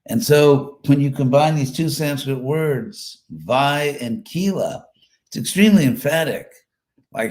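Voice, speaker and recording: A man giving a live scripture class, explaining words one by one in a relaxed, thinking-aloud way with fillers and repeated phrases. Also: mid-range voice, measured pace. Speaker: Sanskrit scripture teacher.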